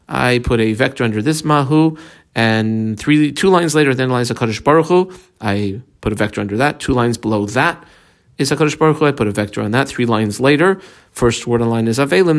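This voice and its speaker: A man teaching a Talmud class, reading each Hebrew or Aramaic phrase aloud and then explaining it in English. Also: medium pitch. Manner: guides students through marking the text.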